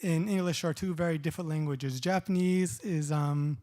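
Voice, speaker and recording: A middle-aged man giving a poetry reading at a live event, reading short poems and explaining them in a casual, halting way. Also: on the high side, steady tone, dark tone. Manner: halting, many restarts and fillers when explaining.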